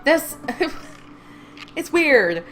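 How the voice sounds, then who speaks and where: A woman plays through a game on stream, reading the dialogue in a slow, deliberate way and chatting between lines. She laughs easily and sounds stuffed up from a cold. Faint music plays beneath her. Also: sits high, very animated, a bit bright. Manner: giggly, reads lines slowly, breaks into laughter. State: congested. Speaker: let's play streamer.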